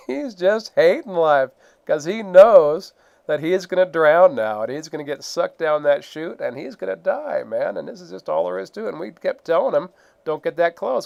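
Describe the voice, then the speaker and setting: A man's voice: on the high side, gravelly, darkish tone, dry recording, dull audio. A man casually narrating his own gold prospecting photos, rambling with fillers and laughs. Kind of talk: casual storytelling.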